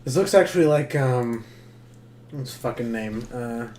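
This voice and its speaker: A man's voice: mid-range voice, lively intonation, a little slow, mellow. A man chatting while he edits on a stream, dry and sarcastic, his asides often sinking to a mumble. There is a faint hum behind him. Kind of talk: casual chat while editing.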